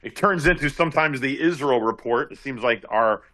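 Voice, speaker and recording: A man, a guest commentator, reading political news aloud haltingly in casual talk and correcting himself as he goes. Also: mid-range voice, pushed and bright.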